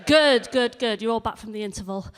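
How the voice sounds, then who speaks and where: Young Yorkshire woman comic, high-pitched, chatty and self-mocking on stage. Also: brisk, clear, resonant tone. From northern England, near Leeds. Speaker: stand-up comedian. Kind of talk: stand-up comedy set. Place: comedy hall stage.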